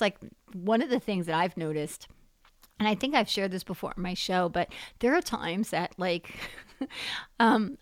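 A middle-aged woman minister telling a lively faith story on a Christian talk show, acting out the dialogue. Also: medium pitch, no room sound. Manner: animated storyteller, acts out quoted dialogue. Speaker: guest minister.

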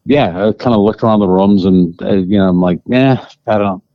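A man from Wisconsin answers interview questions in a lowish voice, hesitating often with "um" and "kinda." The sound is dry and dull, with lo-fi muffling. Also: normal speed, no echo. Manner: hesitant, many fillers, "kinda". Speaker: interview guest.

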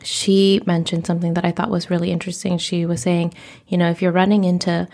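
A woman in her thirties hosts a podcast, speaking candidly and emotionally about her own life in a reflective monologue and sometimes coming close to tears. Her voice sits on the low side with a level tone, brisk pacing, some creak, and a slightly mellow quality.

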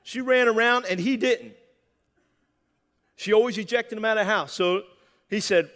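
High-voiced preaching man, hall reverb. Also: normal speed, pauses often. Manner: animated, calls for "amen". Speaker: pastor. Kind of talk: sermon.

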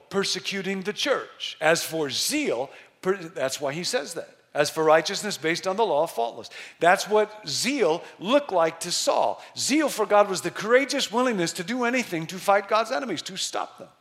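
A middle-aged male pastor preaching a sermon, telling a story with emphasis and slowing down to stress key words. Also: sits high, very animated, a bit bright.

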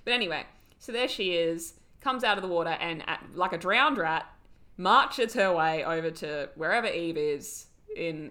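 A woman co-hosts a podcast in casual chat, telling the story in a rambling, animated way. Her voice sits a little low but has a bright, forceful edge. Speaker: podcast co-host. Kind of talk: casual chat recapping a TV episode.

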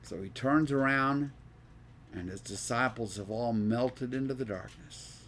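A man's voice: medium pitch, unhurried, a bit bright, a little hiss or hum. A man leading a conversational Bible study. He reads scripture aloud, then explains it loosely, asks the group questions and often restarts his sentences while thinking aloud.

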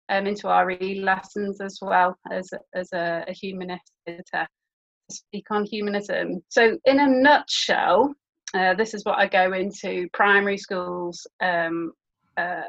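A woman's voice: mid-range voice, a bit bright, dull audio. A woman, a humanist celebrant chatting as a podcast guest and explaining things with plenty of fillers. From born in England, raised in Birkenhead. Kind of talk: casual podcast interview.

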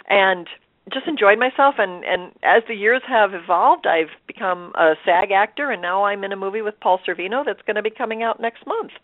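A woman's voice: medium pitch, dry recording. A woman actor telling her personal story as an interview guest, acting out her own thoughts and laughing often. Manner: expressive, laughs often, acts out quoted thoughts. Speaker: guest, stage and screen actor. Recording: tinny dry phone line.

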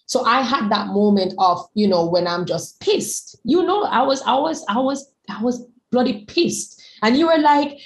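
A woman's voice: medium pitch, animated, a little slow, few pauses, low-quality recording. A woman guest speaker in a candid conversation, talking emphatically and repeating words as she gathers her thoughts.

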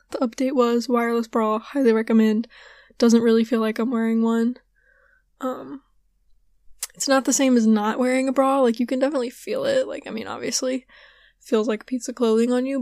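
A young woman hosting a podcast in casual chat, rambling with many fillers, her voice hoarse and giving out. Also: fairly high pitch, a little mellow, no room sound. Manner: rambling, filler-heavy, ranting. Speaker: podcast host.

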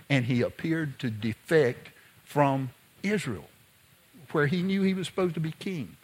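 A man preaching a sermon in a folksy, conversational way, mixing scripture with childhood stories and sometimes dropping to a hush. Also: medium pitch, animated, unhurried, breathy edge. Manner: folksy, conversational, drops to a hush when telling a story. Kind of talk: sermon with personal storytelling.

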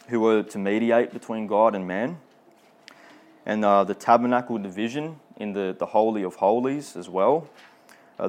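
A man's voice: lowish voice, darkish tone. A man preaching a sermon, reading King James scripture aloud and often stumbling and repeating words between quotations.

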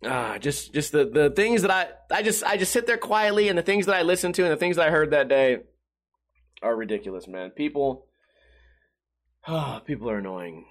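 Young guy ranting through a bar story, high voice that jumps all over, lots of swearing and laughing. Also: lively intonation, moderate pace. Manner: profane, laughing, mimics others in a higher voice. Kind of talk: casual storytelling monologue.

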